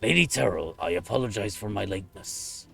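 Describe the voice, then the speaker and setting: A man voicing a loyal, solemn warrior monk with a gravelly voice, reading game dialogue in formal, deliberate speech. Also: fairly low pitch, expressive, music in the background. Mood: resolute.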